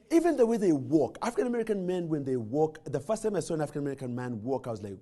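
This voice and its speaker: A man's voice: fairly high pitch, rapid-fire, few pauses. A man from Uganda, giving a humorous motivational speech as a guest speaker and telling stories with jokes and frequent restarts. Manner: animated storytelling with jokes and repeated restarts.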